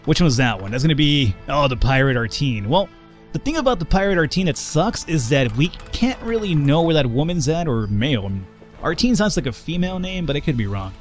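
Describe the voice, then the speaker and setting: A man narrating his own gameplay with a lively, bouncing pitch that shoots up when things go wrong. He swears casually, laughs a lot, and slurs a little, as if he's had a drink. Faint background music plays beneath his voice. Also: fairly quick. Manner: excitable, profane, jokey, laughs often. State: tipsy, slurring a little. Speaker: gaming channel host. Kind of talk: let's play commentary.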